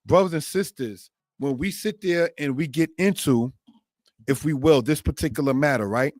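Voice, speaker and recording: A man's voice: fairly high pitch, normal speed, no room sound. A man teaching a scripture lesson, often calling his listeners brothers and sisters, who reads passages aloud and comments on them. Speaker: Torah teacher.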